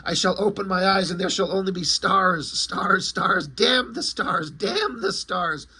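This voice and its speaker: A man's voice: a little high, normal speed, sharp tone, breathy edge, heavily acted. A man voicing a frantic, haunted male hero who screams in anguish while reading a comic aloud. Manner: screaming, desperate.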